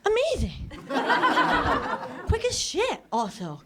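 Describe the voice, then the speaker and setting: A young woman doing stand-up comedy, rambling quickly and self-deprecatingly, often laughing between lines. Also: extremely high pitch, wildly swooping pitch. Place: comedy stage with live audience. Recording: loud audience laughter and noise.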